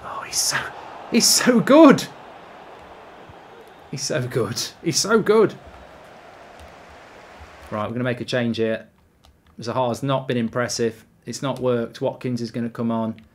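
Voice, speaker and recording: A man giving excitable, sweary live commentary while he plays a football video game. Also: medium pitch, a little slow, long pauses, slight background noise. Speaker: gaming streamer.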